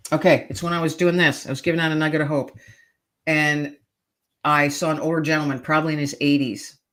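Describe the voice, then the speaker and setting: A woman's voice: deep voice, steady tone, fairly quick, fairly bright tone. A middle-aged woman, a podcast guest, earnestly telling a heartfelt personal story in conversation and repeating key phrases for emphasis.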